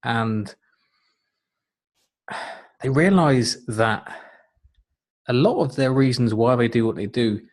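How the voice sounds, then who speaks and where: A man's voice: medium pitch, takes it slowly, pauses often. A middle-aged man, a life coach, giving an earnest, encouraging webinar talk with frequent fillers. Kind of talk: webinar presentation.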